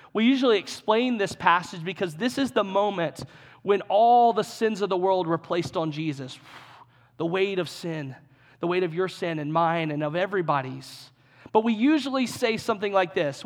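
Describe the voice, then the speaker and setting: A man's voice: high voice, moderate pace. A man preaching a sermon in an earnest, conversational way, repeating phrases for emphasis. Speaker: pastor.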